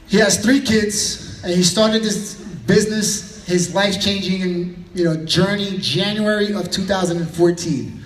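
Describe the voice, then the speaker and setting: A man's voice: sits high, measured pace, background noise. A man coaching on stage, hyping up the crowd at a live event. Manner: hyped, loud crowd-pumping emcee. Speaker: fitness coach presenting on stage. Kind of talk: live motivational stage introduction. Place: large event hall with an audience. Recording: roomy hall, mic at a distance, crowd behind.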